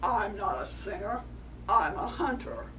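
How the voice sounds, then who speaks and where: Gruff, scornful coyote hunter in a spoken story, voiced by a woman; distant and noisy. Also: medium pitch, expressive, measured pace, natural voice. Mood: boastful. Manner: growling, boastful, snarling. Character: proud hungry male coyote hunter, gruff. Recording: distant mic, noisy room.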